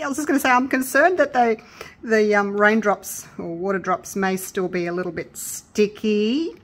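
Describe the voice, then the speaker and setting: A woman chatting casually through a resin crafting tutorial, excitable and gushing with delight. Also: mid-range voice. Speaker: craft vlogger.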